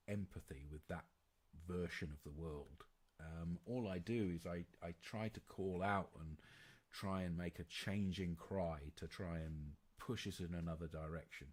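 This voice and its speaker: A man's voice: low voice, a little mellow. A man talking earnestly and reflectively on a live podcast. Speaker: podcast host. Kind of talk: casual live discussion.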